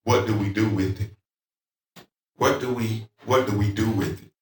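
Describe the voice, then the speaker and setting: A man with a Southern accent preaching a sermon in church, starting soft and halting with frequent pauses and rising to loud, fervent calls. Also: lowish voice, steady tone. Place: church sanctuary. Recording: echoey church sanctuary, mic at a distance.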